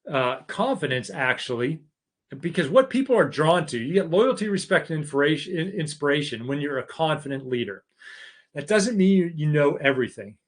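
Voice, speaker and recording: A middle-aged man giving a conversational leadership masterclass, restarting phrases often and acting out short bits of dialogue. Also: fairly high pitch. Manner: conversational, many restarts, acts out quoted dialogue. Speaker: keynote speaker on leadership. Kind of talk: live masterclass talk.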